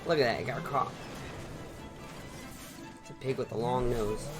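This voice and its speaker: A man's voice: mid-range voice, unhurried. A man hosting a casual gameplay video, chatting playfully to his viewers. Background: game music.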